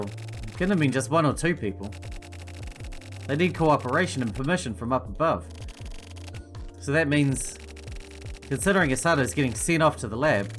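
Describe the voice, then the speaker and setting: A man's voice: mid-range voice, a bit bright, natural voice. A man reading game dialogue aloud as a chatty, laid-back male agent with a casual, rambling way of talking. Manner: casual, rambling, filler-heavy. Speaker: game reader voicing characters.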